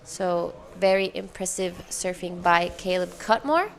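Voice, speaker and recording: A woman's voice: on the low side, lively intonation, unhurried, gravelly. A woman co-commentating a surf contest live, describing each wave fluently and in detail.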